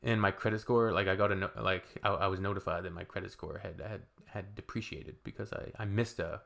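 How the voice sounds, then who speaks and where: A man from Canada giving casual reaction commentary, rambling with halting restarts and blunt asides. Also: low-pitched, fairly even intonation, gravelly, fairly bright tone. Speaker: reaction video creator.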